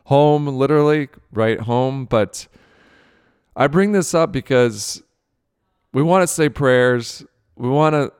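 A man's voice: mid-range voice, smooth, no echo, studio quality. A male host, a father, giving earnest spoken commentary with emotion in his voice, often repeating phrases. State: voice thick with emotion. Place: Austin, Texas.

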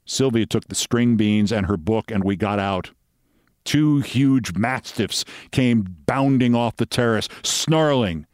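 A man reading a short story aloud as host, with measured, wry storytelling. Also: on the low side, a little mellow, no echo, clean studio sound.

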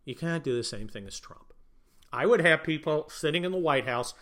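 A man giving opinionated casual commentary, blunt and crude with joking asides, swinging from loud bursts to muttered remarks. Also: fairly high pitch, animated, normal speed.

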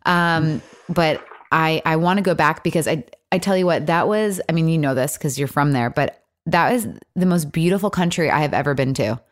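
A woman's voice: low voice, moderate pace, hardly any pauses. A woman hosting a podcast, chatty and laughing easily in a casual interview, rambling a bit. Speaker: podcast host.

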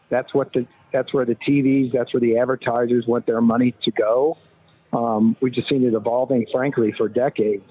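A man's voice: medium pitch, no room sound. Man analyzing over a tinny phone line. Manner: measured, citing numbers. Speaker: guest sportswriter.

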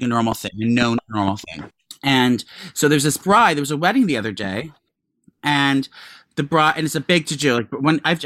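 A man's voice: mid-range voice, sharp tone, dry recording. A man co-hosting a podcast in casual chat, telling stories in loose rambling bursts with crude asides and restarts. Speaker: podcast co-host.

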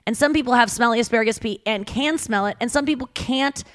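A woman's voice: on the high side, fast talker, a bit bright. A woman co-hosting a casual podcast, chatting and reading out fun facts and online posts. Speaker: podcast co-host.

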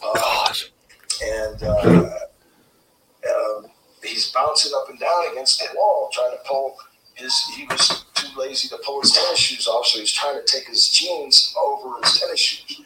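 A man's voice: medium pitch, measured pace, very noisy. A man telling a rambling, laughing anecdote and acting out the other people in it, heard as a played clip. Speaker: storytelling guest. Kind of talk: animated anecdote. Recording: distant echoey clip with faint TV ambience.

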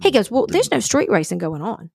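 Woman, low voice, gravelly, animated storyteller, dry close sound. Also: brisk, no room sound. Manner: animated storyteller, acts out quoted dialogue. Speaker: podcast co-host. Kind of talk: casual storytelling chat.

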